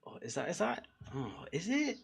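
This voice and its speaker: Young male fan streamer, casual and animated, bouncy voice, loud yelps at near-misses. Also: on the high side, moderate pace, creaky, slightly rough. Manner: excitable, laughing, loud outbursts at chances. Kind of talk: live watchalong chat.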